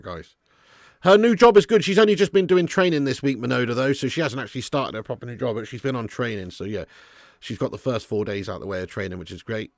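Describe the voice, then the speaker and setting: A man's voice: mid-range voice, dry recording, clean studio sound. A man hosting a live football watch-along stream, chatting and laughing with viewers while a bit snotty and ill. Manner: chatty, reads chat aloud, laughs often.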